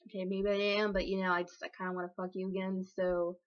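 A woman puts on a cheating rooster father, a short-tempered blusterer who swears and tosses out slang in a middle-pitched voice. The audio sounds a little dull and lo-fi. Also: level tone, quick pace, close to an everyday voice. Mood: pleading.

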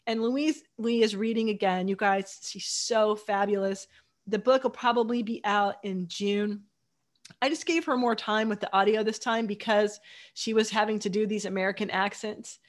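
A woman's voice: medium pitch, fairly even intonation, moderate pace. A woman author as a guest, chatting casually and enthusiastically in long run-on sentences. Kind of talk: casual chat.

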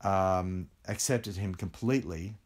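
Man, film director, low-pitched, candid, chatty, many fillers. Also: measured pace. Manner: animated, candid storytelling with frequent fillers. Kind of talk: conversational interview.

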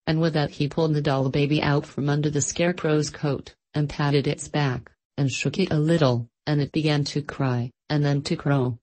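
Woman reading a christmas-type storybook aloud, low voice, calm and even. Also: moderate pace, low-quality recording. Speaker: narrator.

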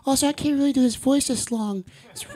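A man putting on a breathy, timid little boy voice. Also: very high voice, fast talker, warm tone, pitched above the performer's own voice. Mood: meek. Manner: meek, hesitant, stammering. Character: soft, timid, high little boy voice like a cuddly cartoon bear. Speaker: stand-up comic. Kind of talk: stand-up set in a character voice. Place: comedy club stage.

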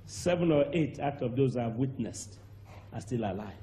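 Animated Nigerian preacher telling a story. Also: male voice, medium pitch, moderate pace, slight background noise. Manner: animated storyteller, acts out voices, bursts into shouts and laughter. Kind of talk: sermon testimony.

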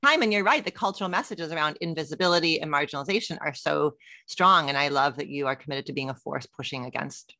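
A middle-aged woman speaking as a relationship expert guest in an interview, enthusiastic and expressive. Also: sits low, fast talker, no room sound, clean studio sound. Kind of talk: conversational interview.

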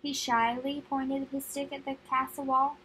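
A young woman reading a children's picture book aloud, friendly and expressive. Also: sits high, normal speed, poor audio. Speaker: read-aloud narrator.

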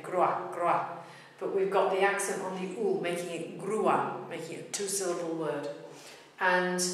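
A woman's voice: fairly low pitch, distant mic. A woman teaching Spanish pronunciation at a whiteboard, explaining patiently step by step and saying example words aloud. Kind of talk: whiteboard lesson. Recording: echoey room, voice from off-mic.

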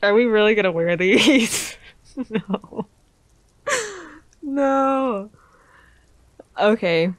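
A woman's voice: medium pitch, drawn-out words, pauses often, no echo. Giggly woman playing a game. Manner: giggly, chatty. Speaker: gaming streamer. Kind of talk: let's-play commentary, reading dialogue aloud.

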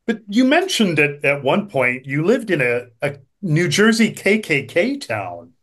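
A man's voice: fairly high pitch, very animated, unhurried, a bit bright. A man hosting an interview, leading with short questions and brief reactions. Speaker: interview host. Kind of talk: conversational interviewing.

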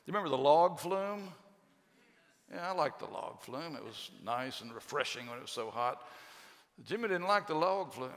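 A middle-aged male pastor preaching a sermon in a church. His voice has a gravelly edge at a middle pitch, and he tells stories in a chatty way with rhetorical questions. The sound rings with a long hall reverb. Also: a bit bright. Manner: storytelling, conversational asides and rhetorical questions. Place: church sanctuary.

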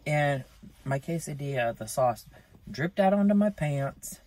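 A young man talking casually into his phone camera in a vlog, chatty and self-mocking, with his voice jumping up in pitch. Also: lively intonation, measured pace, darkish tone. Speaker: vlogger. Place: in a car outside a store.

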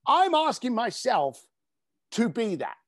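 A man telling an emphatic story as a podcast guest, animated and casually swearing. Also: very high-pitched, takes it slowly, no room sound, clean studio sound. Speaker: podcast guest, speaker and coach.

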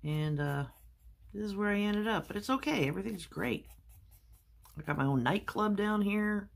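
A woman's voice: mid-range voice, expressive, moderate pace, creaky, pitched above the performer's own voice. A woman voicing a cheerful male clam who runs a nightclub, friendly and chummy as she tells a joke. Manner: chummy, upbeat, calls friend buddy. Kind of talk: playing a voice in a told joke.

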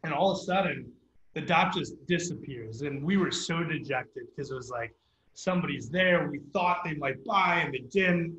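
Man, animated storyteller, bright forceful voice, slightly high, roomy dull audio. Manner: animated, fast storyteller with filler words. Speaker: startup founder guest. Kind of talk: casual storytelling interview.

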